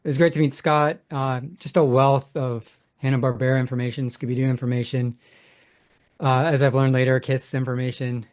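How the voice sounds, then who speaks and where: A man on a podcast panel, talking casually and hesitantly with many pauses and restarts. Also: mid-range voice, flat delivery, darkish tone, clear, resonant tone. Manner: hesitant, lots of uhs and restarts.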